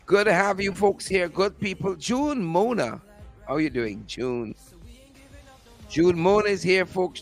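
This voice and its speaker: A man with a Guyanese accent hosting a live stream from outdoors, repeating upbeat shout-outs to his viewers by name. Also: high-pitched, gravelly. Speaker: host.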